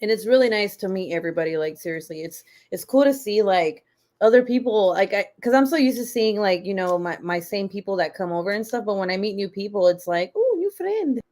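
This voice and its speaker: A woman's voice: medium pitch, brisk, darkish tone. Laid-back rambling woman guest. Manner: rambling, loose, laughs and swears casually. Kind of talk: casual livestream chat.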